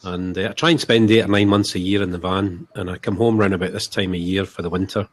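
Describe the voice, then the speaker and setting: Easygoing low-voiced man. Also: fast talker. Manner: relaxed, easygoing, modest. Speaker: guest. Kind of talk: casual interview chat. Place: flat at home. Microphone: video call.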